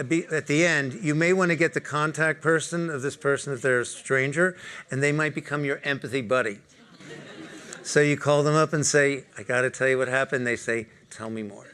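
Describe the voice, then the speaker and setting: A man's voice: on the high side, sharp tone. A man speaking at a corporate talk, leading a live group exercise and putting direct questions to the audience. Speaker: workshop speaker.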